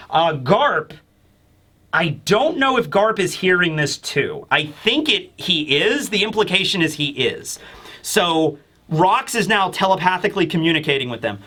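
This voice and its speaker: A man hosting a casual manga chapter review, talking in an excitable, rambling way with casual swearing. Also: on the high side.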